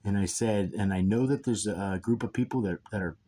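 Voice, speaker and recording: Casual monologue from a man with a fairly low voice, telling a story in a rambling, emphatic way. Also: a little fast, warm tone. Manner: rambling and emphatic, repeating "okay?" and "dude". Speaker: father telling a personal story.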